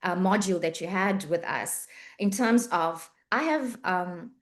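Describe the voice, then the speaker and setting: South African woman telling an animated story. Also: fairly low pitch, a little slow. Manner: lively anecdotal, acts out quoted dialogue, frequent restarts. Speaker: physiotherapist and medico-legal report writer. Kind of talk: interview storytelling.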